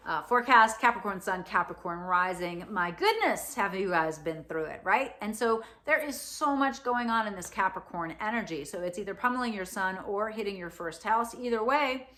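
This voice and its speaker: A woman's voice: medium pitch, lively intonation, moderate pace, hardly any pauses, pushed and bright. A woman astrologer giving a casual spoken forecast, chatty, with many fillers and "right?" asides.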